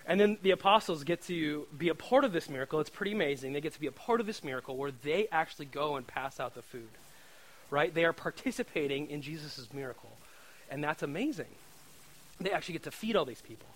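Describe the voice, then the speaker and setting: Chatty man preaching, fairly high voice. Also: animated, fast, a bit bright, low-quality recording. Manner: chatty, joking, keeps asking "right?". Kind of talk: casual sermon.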